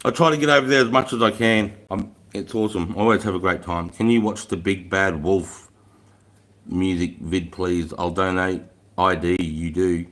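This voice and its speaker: A deep, slightly bright male voice speaks at a moderate pace with a steady tone. It's an Australian man on a casual live stream from a fire-warmed room at home, greeting viewers and rambling easygoingly while swearing and laughing often.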